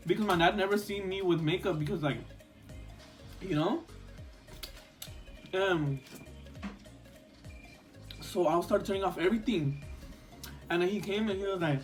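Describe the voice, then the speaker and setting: A young man telling a storytime vlog story in casual chat, rambling with lots of fillers and a few Spanish words. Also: high voice. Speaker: vlogger.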